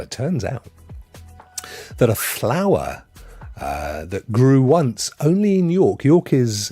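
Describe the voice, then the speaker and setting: A man's voice: mid-range voice, warm tone, no echo. A man hosting a live stream, chatting casually, laughing often and answering chat.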